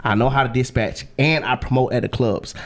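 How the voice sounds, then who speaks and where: A young man sits in as a guest and tells his story in loose, slang-heavy talk. He gets animated and acts out what other people said to him. His voice sits in an ordinary middle pitch. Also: fairly quick. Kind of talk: casual storytelling interview.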